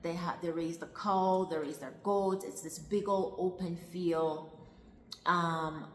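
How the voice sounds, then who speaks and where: Woman, storytelling vlogger, low voice, roomy hall with long reverb. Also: fairly even intonation, slow, slight background noise. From Jamaica. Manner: meandering, with restarts and repetition. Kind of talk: personal storytelling.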